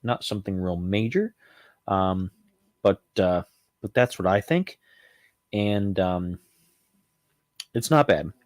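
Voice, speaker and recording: A man's voice: low-pitched, takes it slowly, long pauses, dry recording. A man hosting a casual home review vlog about spirits, talking loosely with many ums and restarts. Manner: rambling, frequent ums and self-corrections. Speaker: channel host reviewing cognac.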